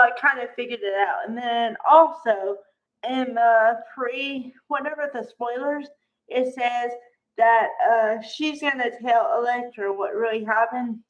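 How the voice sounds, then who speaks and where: A woman with a high, bright-sounding voice talks slowly through her recap of a soap opera episode. She is chatty and animated, slipping into the characters' lines. The recording is dull and lo-fi. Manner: chatty, animated, acts out quotes. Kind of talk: casual recap chat.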